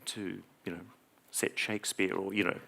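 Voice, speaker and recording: A man moderates a live public conversation, putting his questions together hesitantly and often repeating words as he goes. His voice sits fairly low in pitch. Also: level tone, normal speed, creaky, pushed and bright. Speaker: interviewer, moderator.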